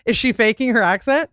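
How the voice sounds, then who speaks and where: A young woman hosting a podcast in a loose, rambling way, dropping "like" all through her talk and laughing often. Her voice sits at a middle pitch and is recorded close and dry. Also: dry recording. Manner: chatty, rambling, lots of "like" and laughs. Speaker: podcast host. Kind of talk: casual chat.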